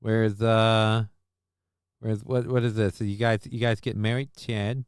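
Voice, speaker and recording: A man's voice: fairly low pitch, level tone, unhurried, clean tone, no room sound, studio quality. A man hosting a casual livestream, rambling, cursing and making sarcastic asides while reading chat messages. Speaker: livestream host.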